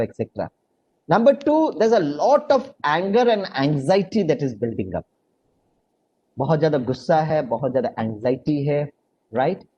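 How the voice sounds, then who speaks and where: A man with an Indian English accent giving an online lecture, telling a story and dropping into low asides. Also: highs cut off. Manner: animated, drops to low asides, mixes Hindi phrases. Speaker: guest lecturer. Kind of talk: online lecture with a told anecdote.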